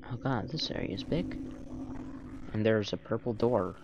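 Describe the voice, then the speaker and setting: A man's voice: lowish voice, animated, normal speed, highs cut off, noisy background. A man in a put-on British accent gives rambling let's-play commentary and talks to the enemies on screen. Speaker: gamer. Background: game music.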